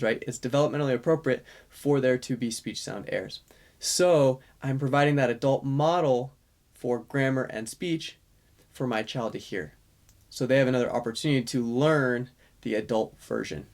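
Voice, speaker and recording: A male speech-language pathologist calmly walks parents through a strategy in a course lesson, using fillers and correcting himself along the way. His voice is mid-range.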